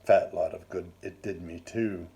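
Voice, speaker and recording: A man reading his own first-person story aloud in a measured, wry and formal manner. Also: sits low, fairly even intonation, creaky, dark tone.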